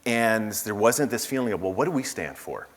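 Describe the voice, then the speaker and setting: A man's voice: lowish voice, animated, normal speed. A man speaking at a conference, telling stories in a casual way with asides and fillers. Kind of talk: conference keynote talk. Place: large conference hall. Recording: reverberant conference hall.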